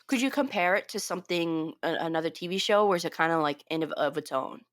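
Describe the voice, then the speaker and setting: A woman co-hosting a film podcast, chatting casually with quick asides. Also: on the low side, dry recording, studio quality. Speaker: podcast co-host.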